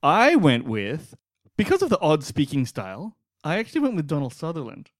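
A man co-hosting a casual podcast chat, animated and sweary, laughing often. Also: a little high, fairly quick, no room sound, clean studio sound. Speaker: podcast co-host.

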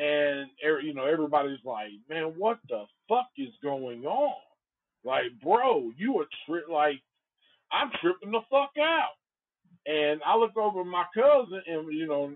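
Man, podcast host, rambling profane storyteller, slightly high voice, tinny phone-line sound. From Antioch. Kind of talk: casual storytelling. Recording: phone-like lo-fi audio.

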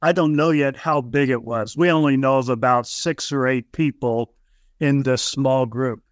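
A man on a podcast, choosing his words in a measured, deliberate way. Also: mid-range voice, no echo. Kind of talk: podcast interview conversation.

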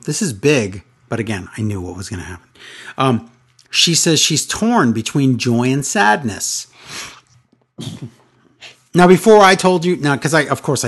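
A man co-hosting a podcast, chatting casually and retelling scenes with excitable voice changes. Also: medium pitch, husky. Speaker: podcast co-host. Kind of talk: casual podcast chat recapping wrestling.

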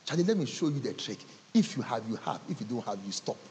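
A man preaching a humorous sermon, telling animated stories and acting out conversations. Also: mid-range voice, fast, slight background noise. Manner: animated storytelling, acting out dialogues with laughter.

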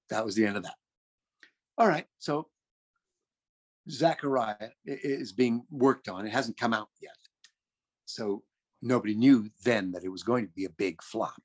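An older man from California tells a rambling story in a chatty way, often correcting himself as he goes. His voice is husky and sits at an ordinary middle pitch. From California, USA. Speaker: storyteller recounting his career. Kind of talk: anecdotal storytelling.

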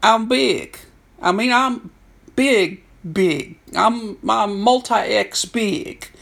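A woman in her sixties, a prison chaplain, telling stories in an animated way and acting out what people said. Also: medium pitch, creaky. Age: 60s. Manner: animated storyteller, acts out quotes. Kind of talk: storytelling talk.

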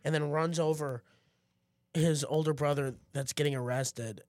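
A young man co-hosting a podcast in casual chat, telling a story with animated acted-out quotes. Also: fairly high pitch, measured pace, no room sound, clean studio sound. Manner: excited storyteller, acts out quoted voices loudly. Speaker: podcast co-host. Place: studio.

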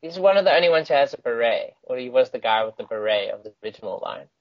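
Casting: chatty male host, mid pitch, dry and dull lo-fi sound. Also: expressive, fast talker, no room sound. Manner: enthusiastic, laughs often, rambling. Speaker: podcast co-host. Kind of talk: casual chat.

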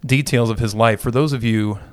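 A man's voice: mid-range voice, steady tone, brisk. A middle-aged man co-hosting a podcast, chatting casually and joking, rambling with restarts. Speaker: podcast co-host.

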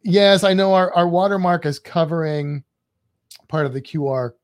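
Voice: mid-range voice, moderate pace. A co-host chatting casually on a charity livestream, rambling a little and reading viewer comments aloud with mild exclamations.

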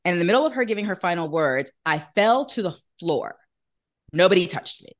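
A woman guest on an interview podcast, telling a personal faith story in an earnest, animated way and acting out the voices she quotes. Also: lowish voice, brisk. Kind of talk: conversational testimony in an interview.

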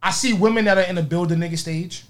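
A man's voice: high-pitched, quick pace. A man hosting a casual podcast chat, talking loosely with many restarts. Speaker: podcast host.

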